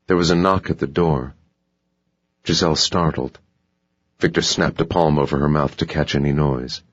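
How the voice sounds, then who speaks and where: A man narrating an audiobook in a slow, measured delivery. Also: rumbling low, breathy edge, no echo. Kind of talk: scripted narration. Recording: dull dry audiobook recording.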